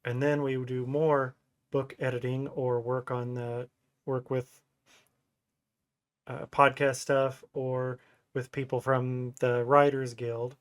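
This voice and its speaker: A man in his thirties co-hosts a relaxed podcast, wandering through stories with frequent laughter. His voice sits at a mid pitch. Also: slow. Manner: rambling storyteller who laughs often. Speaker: podcast co-host. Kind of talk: casual podcast chat.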